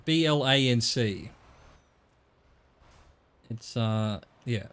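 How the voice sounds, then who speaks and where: A man's voice: mid-range voice, lively intonation, very slow, a bit bright, clean tone. A middle-aged man with an Australian accent, streaming a game and chatting casually, rambling and correcting himself as he goes. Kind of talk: casual chat while gaming.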